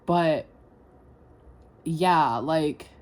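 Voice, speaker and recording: A young woman talks through a confessional vlog in a fairly low voice. She rambles and doubts herself out loud, stacking filler words and casual swearing as she goes. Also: drawn-out words. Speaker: vlogger.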